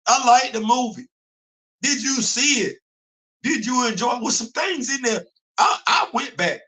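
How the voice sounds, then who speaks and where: Animated man with a worn-out, bright voice. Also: fairly high pitch. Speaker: host of a comic book morning show. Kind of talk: casual talk-show commentary.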